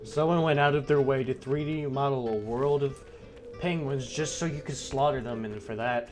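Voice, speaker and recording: A man's voice: medium pitch, normal speed, darkish tone, soft background music. A young man giving crude, sarcastic running commentary while playing a game. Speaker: gameplay commentator. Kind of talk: casual let's play commentary.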